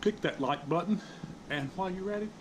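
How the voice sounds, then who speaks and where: A man's voice: high-pitched, brisk, background noise. A man hosting a casual home cooking demonstration, talking to his viewers in a folksy way and calling them folks. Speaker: cooking channel host.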